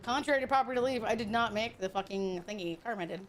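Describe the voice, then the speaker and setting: A woman's voice: medium pitch, quick pace, slight background noise. A woman streaming a game, chatting casually with her viewers in crude, teasing banter and laughing often. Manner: frequent laughter.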